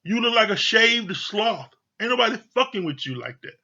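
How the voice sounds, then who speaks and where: A man's voice: high voice, very animated, moderate pace, vocal fry, sharp tone, dull audio. A man giving a casual, profanity-laced review of a TV show, blunt, exasperated and mocking.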